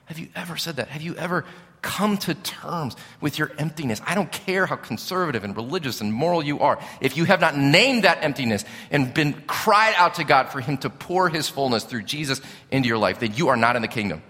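A man's voice: fairly high pitch, lively intonation, brisk, bright, forceful tone, in a large hall. A male pastor preaching a sermon in an earnest, pleading, emphatic way, with rhetorical questions.

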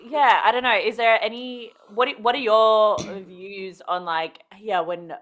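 A woman's voice: mid-range voice, fairly even intonation, measured pace, a bit bright, highs cut off. A woman around thirty, co-hosting a podcast and thinking aloud with hedges and fillers. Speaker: podcast co-host. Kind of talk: casual chat.

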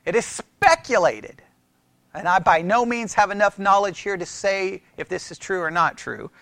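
Male pastor, sermon-lecture; high pitch, dry sound; animated, quizzes the congregation, stumbles and restarts. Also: dry recording. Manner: animated, asks the room questions, mimics critics; restarts and repeats words often. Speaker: pastor teaching church history. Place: church meeting room.

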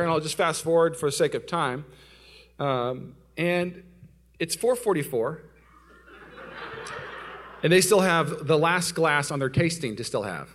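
A young male pastor telling a story in a sermon, swinging from loud outbursts to hushed asides before a congregation. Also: a little high. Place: church sanctuary before a live audience.

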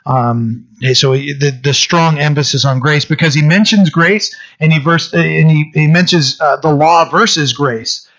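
A man's voice: on the high side, unhurried, hardly any pauses, fairly bright tone, lo-fi sound. A man preaching a sermon as a pastor, in a conversational way with frequent restarts and fillers.

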